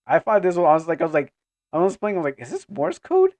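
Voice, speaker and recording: A man's voice: a little high, rapid-fire, darkish tone. A man casually chatting between lines while he reads a comic aloud, rambling and often cutting himself off. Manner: rambling, self-interrupting, laughs often. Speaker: comic reader and dubber.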